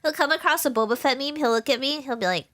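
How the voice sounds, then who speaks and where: A woman's voice: high-pitched, fast talker, a bit bright. A young woman streaming, chatting casually in a rambling way, with lots of fillers and laughter. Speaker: VTuber streamer.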